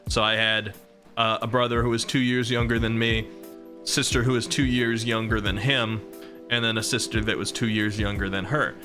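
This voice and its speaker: A man's voice: lowish voice, flat delivery, normal speed, sharp tone, faint music behind. A man in his thirties chatting casually on a live stream, rambling and chuckling between thoughts.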